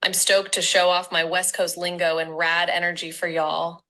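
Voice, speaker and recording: A woman's voice: lowish voice, flat delivery, normal speed, bright, forceful tone. A synthetic woman's voice of an AI assistant speaking with a Southern California accent in a laid-back surfer manner. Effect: text-to-speech voice.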